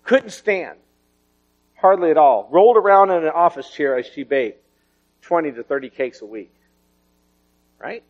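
A man preaches a testimony sermon, his slightly high voice rising and falling as he laughs through his stories. The recording sounds dull and lo-fi. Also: animated, measured pace, pauses often. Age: 40s. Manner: folksy storytelling with laughter and swings in volume.

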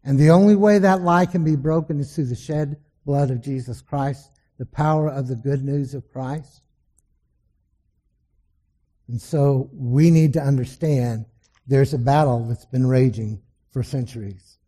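A man's voice: medium pitch, unhurried, mellow. A male pastor preaching a sermon in an emphatic, storytelling way.

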